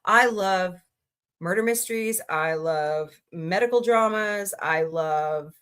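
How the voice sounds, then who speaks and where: Woman, 40s, from Missouri, livestream host, casual chat, rambling and chatty, bright voice. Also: fairly low pitch, takes it slowly, clean tone. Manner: chatty, rambling, greets viewers and reacts to chat.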